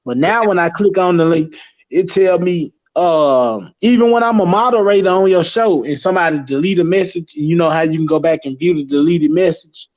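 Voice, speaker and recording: A man chatting casually as a guest on a live stream, loose and profane, with animated street talk. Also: on the high side, fairly quick. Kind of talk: casual chat. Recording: dull lo-fi stream audio.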